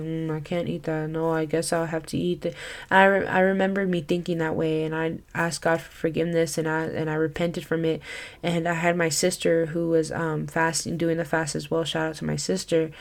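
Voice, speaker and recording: A young woman giving a casual Christian teaching talk as a podcast host, earnest and chatty, full of "like" and "you know.". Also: low-pitched.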